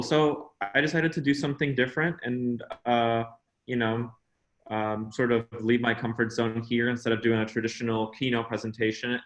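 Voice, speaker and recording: Over a video call, this guest speaker at an online meetup rambles chattily through an informal tech talk, dropping frequent "you know"s and "uh"s. The recording is low quality, with an echoey room and his fairly bright, medium-pitched male voice.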